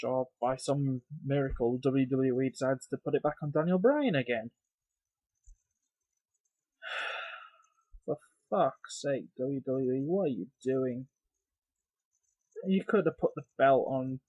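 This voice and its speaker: Exasperated man ranting on a dry mic. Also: dry recording. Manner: exasperated, sighing, profane; loud and emphatic at first, then grumbling and lower. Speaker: wrestling reviewer. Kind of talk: ranting video review.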